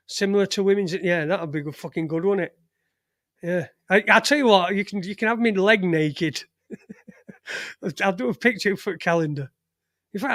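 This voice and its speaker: High-voiced, rambling man. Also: a bit bright. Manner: rambling, swearing, jokey banter. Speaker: host of a live online show. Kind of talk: casual live-stream chat.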